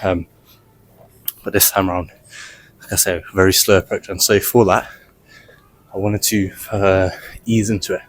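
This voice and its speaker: A man's voice: low voice, steady tone, normal speed, pauses often. A man talking casually to the camera while walking on a gym treadmill, a little out of breath, rambling with many fillers. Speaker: fitness vlogger.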